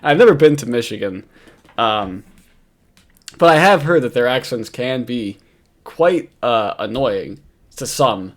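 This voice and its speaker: A man's voice: medium pitch, lively intonation, measured pace, long pauses. A man with a New York accent giving casual, mocking reaction commentary. He rambles, swears and laughs often.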